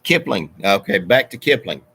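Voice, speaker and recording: With a lowish, pushed, bright voice full of big pitch swings, a middle-aged man talks at a moderate pace on a casual livestream, with slight background noise. He rambles over viewer comments, breaking off into tangents mid-thought.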